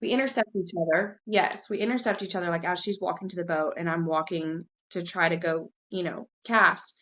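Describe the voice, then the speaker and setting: A woman co-hosting a podcast, telling a fishing story in casual chat, lively and swearing casually. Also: fairly quick, highs cut off. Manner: animated, jumps high when quoting herself, swears casually. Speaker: podcast co-host.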